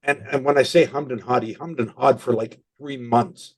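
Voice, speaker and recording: A man in his sixties, a marketing consultant, telling animated stories with quoted dialogue in a podcast interview. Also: medium pitch, normal speed.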